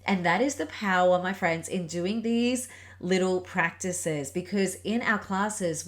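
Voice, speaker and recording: A middle-aged woman hosting a reflective solo podcast as a Pilates and yoga teacher, speaking in a gentle, earnest and encouraging way. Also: on the low side.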